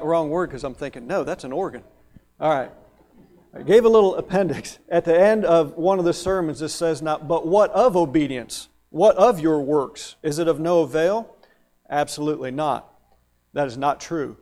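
A man's voice: on the high side, darkish tone. A male pastor preaching a sermon in a conversational way, with playful asides and rising emphasis on key words.

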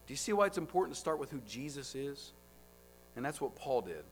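A man preaching a sermon, firing off rhetorical questions and swinging between loud, driving lines and quiet ones. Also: medium pitch, big pitch swings, fairly quick, faint music behind.

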